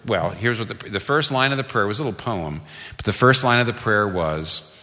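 A man's voice: lowish voice, normal speed, sharp tone. A man preaching a sermon earnestly and emphatically, often restarting his phrases as he builds a point. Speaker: pastor. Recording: long reverb of a large hall.

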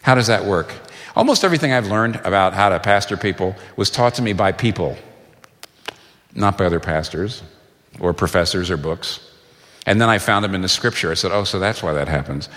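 A man's voice: deep voice, a little fast, fairly bright tone, big-room sound. A male pastor preaching a sermon in a conversational, storytelling way, stressing points through repetition.

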